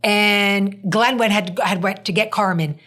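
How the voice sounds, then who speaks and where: Woman host telling a lively story. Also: mid-range voice, a little slow. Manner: animated storytelling, acting out quoted speech. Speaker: podcast host. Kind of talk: casual podcast chat.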